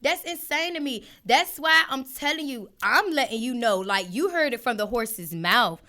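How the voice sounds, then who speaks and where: A woman's voice: fairly high pitch, moderate pace. A woman hosting her podcast, ranting casually and animatedly to her listeners. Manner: animated, talks straight to listeners with many asides. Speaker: podcast host. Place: home setup with listeners joining a live stream.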